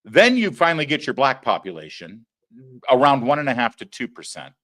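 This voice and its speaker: Animated sarcastic male talk-show host. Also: mid-range voice, a little fast. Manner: sarcastic, mocking, animated delivery. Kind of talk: live political commentary show.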